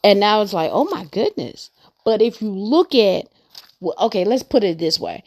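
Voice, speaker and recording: A woman's voice: mid-range voice, animated, normal speed, a little mellow, a little hiss or hum. A woman hosting a podcast, talking through her faith in an earnest, rambling way and repeating her points for emphasis. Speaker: podcast host. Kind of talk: casual faith monologue.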